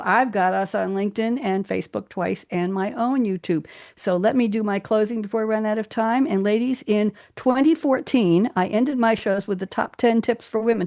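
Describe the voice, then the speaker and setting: A woman's voice: mid-range voice, vocal fry, darkish tone, dry recording, studio quality. Exuberant chatty talk show host woman. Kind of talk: live talk show hosting, reading her own poem.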